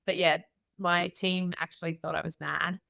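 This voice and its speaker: A middle-aged Australian woman with a bright, forward voice tells candid stories on a podcast interview, acting out what others said to her. The sound is dry and close, with no room around it. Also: on the low side, normal speed, gravelly, no echo. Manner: candid, animated storyteller acting out quoted voices. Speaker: guest entrepreneur.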